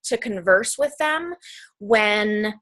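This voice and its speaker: A woman's voice: medium pitch, lively intonation, a bit bright. Chatty young woman coaching on a team call. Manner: chatty, peppered with "like" and "um", fast tangents. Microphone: phone or computer call mic.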